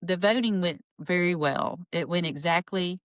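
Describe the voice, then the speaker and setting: A woman hosting a podcast, recapping a reality show in a chatty, indignant way and quoting people in lively voices. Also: fairly low pitch, normal speed, no echo. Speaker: podcast host. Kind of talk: casual commentary on a reality show.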